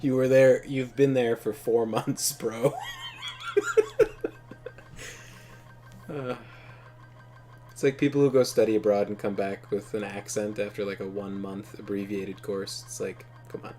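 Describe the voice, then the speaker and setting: A man's voice: mid-range voice, fairly even intonation, moderate pace, mellow. A man hosting a casual gaming commentary, rambling through crude jokes and laughing often. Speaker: let's play host.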